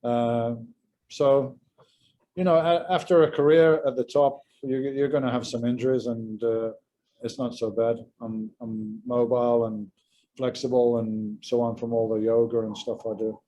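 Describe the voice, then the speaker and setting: Man, guest on a casual interview; relaxed, measured, a few fillers, mid-pitched voice. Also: dull audio. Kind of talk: casual video-call interview.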